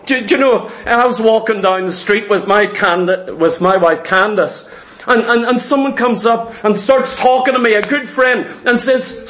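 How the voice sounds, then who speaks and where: High-voiced, animated male preacher. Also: normal speed. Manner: animated, acts out quotes in varied voices. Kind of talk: sermon.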